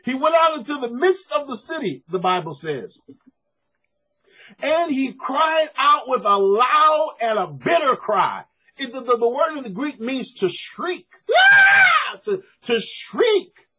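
A man's voice: very high-pitched, big pitch swings, unhurried, pushed and bright, a little hiss or hum. A man preaching a sermon to a congregation in a church, emphatic and conversational, calling for responses. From United States.

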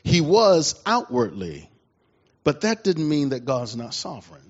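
A middle-aged man preaching a sermon in a lively, conversational way, acting out the quoted voices of the people in his stories. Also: medium pitch, dull audio. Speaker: pastor.

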